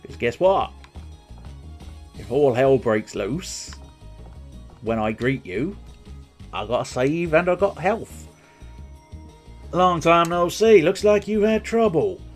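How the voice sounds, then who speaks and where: A man's voice: medium pitch, a little mellow. A man streaming a game playthrough, rambling and joking with casual swearing. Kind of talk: live game playthrough commentary.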